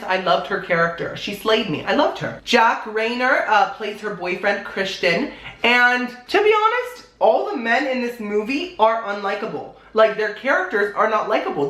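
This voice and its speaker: A woman's voice: mid-range voice, fairly bright tone. Chatty woman vlogging in an echoey room. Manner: chatty, laughs often, exclaims. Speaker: movie reviewer. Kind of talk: casual spoken movie review.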